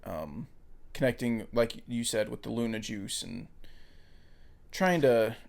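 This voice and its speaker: Man, gravelly voice, mid pitch, casual podcast film chat, thoughtful, pauses a lot. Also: a little mellow. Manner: thoughtful, hesitant, pauses with ums. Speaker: podcast co-host.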